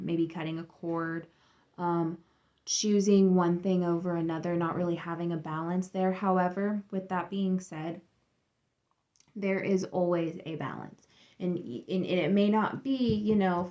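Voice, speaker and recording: A woman with a slightly low voice gives a casual tarot reading from her table at home. Her delivery is chatty and meandering, full of friendly asides to the viewer, and she is picked up by a camera sitting on the table in front of her. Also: warm tone, lo-fi sound. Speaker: tarot reader.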